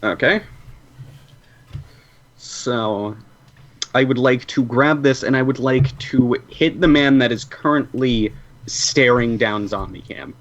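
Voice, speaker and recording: A man playing in a tabletop role-playing game, asking questions in a slow, laid-back way. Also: medium pitch. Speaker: player. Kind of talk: casual chat in a tabletop game. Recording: dull lo-fi mic.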